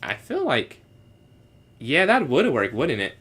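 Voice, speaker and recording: A young man with a bright, ringing, husky mid-range voice and huge pitch swings solves chess puzzles on a live stream, thinking aloud about each move. He chats casually with viewers, answering their questions, and sometimes switches into halting beginner French.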